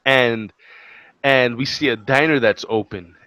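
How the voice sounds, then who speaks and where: A man's voice: mid-range voice, measured pace, no echo. A young man tells a story in casual podcast chat, cursing often and slipping into quoted voices. His voice sits mid-range and the recording is dry and close. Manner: animated, profane, acts out quotes. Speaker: podcast co-host.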